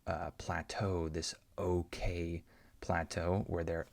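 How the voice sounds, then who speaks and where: Slowly and with a flat delivery, a man in a low, gravelly voice responds to learners' questions about English pronunciation. He repeats sample words with patience to illustrate every sound.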